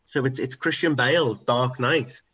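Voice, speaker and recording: Man, podcast co-host, bright voice, lively sweary storyteller. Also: mid-range voice, normal speed, husky, poor audio. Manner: animated storytelling, swears freely. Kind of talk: casual chat.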